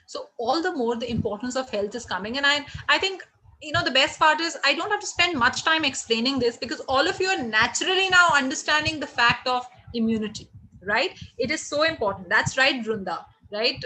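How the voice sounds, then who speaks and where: A middle-aged woman with an Indian English accent, running a live online hospitality training session, energetic and encouraging as she reads out the chat. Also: high voice, fairly quick, poor audio. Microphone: video call.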